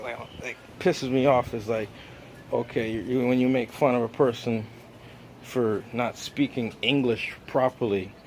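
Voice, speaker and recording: A man's voice: mid-range voice, heavy background noise. An American man, raised speaking Jamaican patois, in a rambling, profane vlog monologue full of fillers. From United States.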